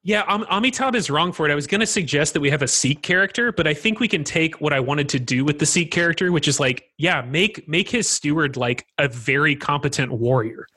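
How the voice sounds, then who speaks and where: Husky, bright-toned man telling a story. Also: a little high, fairly quick, few pauses. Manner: animated storyteller, acts out lines, laughs. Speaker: podcast co-host. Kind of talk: casual chat.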